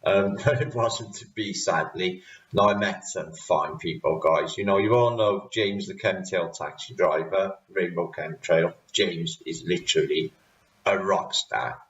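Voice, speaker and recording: A man's voice: deep voice, a little slow, a bit bright. A Welsh man from Wales hosting his channel, chatting casually and rambling with frequent laughs. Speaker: channel host. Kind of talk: casual vlog recap. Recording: roomy, distant, dull sound.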